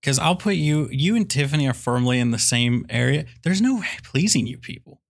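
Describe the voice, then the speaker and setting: A man co-hosting a comedy movie podcast, his voice set at an ordinary middle pitch. He rants loudly in playful bits, jumping into mock quoted voices as he riffs. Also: lively intonation, a little fast, vocal fry. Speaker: podcast co-host. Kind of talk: comedic movie review banter.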